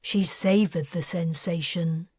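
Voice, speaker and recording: Slow, measured woman narrator. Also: fairly low pitch, a little mellow, husky, dry recording, clean studio sound. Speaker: author narrating. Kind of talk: audiobook narration.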